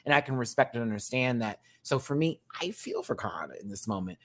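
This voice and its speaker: A man's voice: mid-range voice, very animated, fast talker. A man who performs in drag, giving a sassy, slangy rant reviewing a reality show and thanking his viewers. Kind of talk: casual reaction rant.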